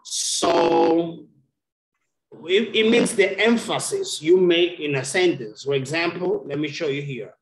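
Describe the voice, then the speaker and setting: A man's voice: fairly high pitch, slow. A man teaching an English lesson over a video call, speaking patiently and repeating key words. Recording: roomy echo.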